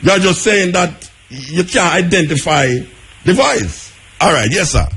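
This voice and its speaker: A Jamaican man hosting a call-in radio show, arguing with callers in a raised, animated voice. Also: sits high, measured pace, slightly rough. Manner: animated, argumentative, raises his voice. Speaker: radio talk show host. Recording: radio broadcast.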